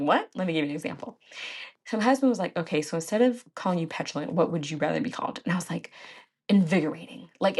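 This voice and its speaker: A woman's voice: on the low side, darkish tone. A woman in her thirties hosting a podcast in a casual, chatty way, often laughing and calling her listeners "y'all". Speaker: podcast host. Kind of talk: casual chat.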